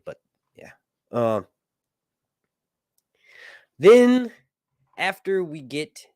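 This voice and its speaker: Male livestream host, casual rambling reaction talk, middle pitch, dry close sound, cusses and laughs a lot. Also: dry recording. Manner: rambling, excitable, swears freely, laughs often. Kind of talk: casual live reaction and analysis.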